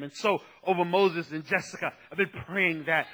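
A male pastor preaching a sermon in an emphatic way, often urging "listen" and moving from soft talk to shouting. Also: on the high side, normal speed, hardly any pauses.

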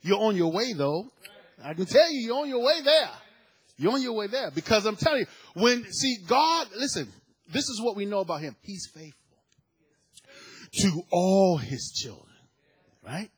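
Husky, animated male preacher. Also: sits high, moderate pace, pauses often. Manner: animated, rising to shouts of praise, acts out quoted voices. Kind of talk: sermon.

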